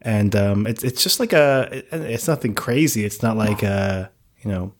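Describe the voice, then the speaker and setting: A man's voice: on the low side, moderate pace. A man chatting casually as a podcast co-host, rambling with lots of fillers and restarts. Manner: rambling, many likes and restarts. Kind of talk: casual chat.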